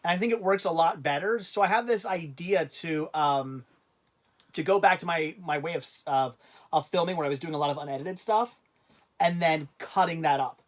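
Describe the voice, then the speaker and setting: Rambling, high-voiced livestream host. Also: male voice, moderate pace. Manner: rambling, trails off and restarts, laughs easily. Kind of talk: casual livestream chat.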